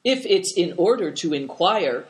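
A man's voice: high-pitched, expressive, unhurried. A man voicing a curious, polite young male traveler in a storybook.

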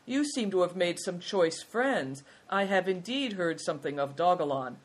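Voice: medium pitch, expressive, moderate pace, close to an everyday voice. A reader voicing a shrewd, touchy male traveler. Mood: formal. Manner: curt, formal. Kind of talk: storybook reading.

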